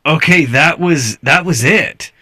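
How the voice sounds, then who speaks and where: Bright-voiced man hosting a podcast. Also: on the high side, slow. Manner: amused, profane, rambling. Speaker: podcast host. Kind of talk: casual chat reviewing videos.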